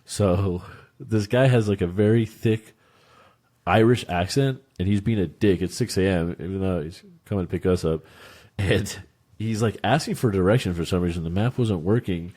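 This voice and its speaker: A young man's low voice in easygoing podcast chat. He rambles through stories, swears casually and laughs along the way. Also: measured pace, a little mellow. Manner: laid-back, swearing storyteller who laughs often. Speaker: podcast co-host.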